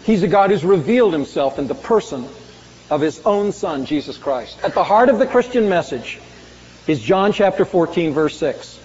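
A male pastor preaching with a high, forceful voice that swings between loud emphasis and hushed lines. The sound is dull and muffled, carrying a long reverb from a large hall. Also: animated, normal speed, slight background noise. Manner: emphatic preaching, dramatic swings in pitch and volume. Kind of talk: sermon.

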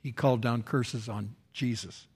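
A man preaching a sermon, swinging between loud dramatic quotes and quiet, solemn passages. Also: medium pitch, unhurried, slightly rough. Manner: expressive preaching, rising loud for quoted speech and dropping soft for solemn lines. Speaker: pastor.

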